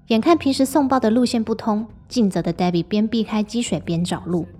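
A woman narrating a true story in a calm, even, scripted way. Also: medium pitch, fairly quick. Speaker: storytelling host. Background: music.

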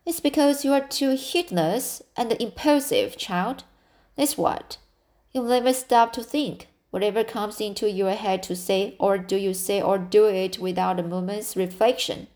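A blunt, opinionated older village woman, voiced by a woman reading aloud. She lectures in a matter-of-fact tone at a slow, deliberate pace. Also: medium pitch, darkish tone, lightly acted. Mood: lecturing.

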